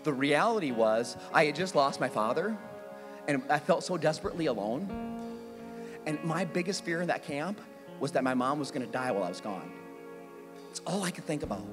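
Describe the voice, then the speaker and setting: A middle-aged man, a pastor, preaching a sermon as he tells a personal story, animated and self-mocking, acting out his younger self in high squeals. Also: a little fast, pauses often, music in the background. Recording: long reverb of a large hall.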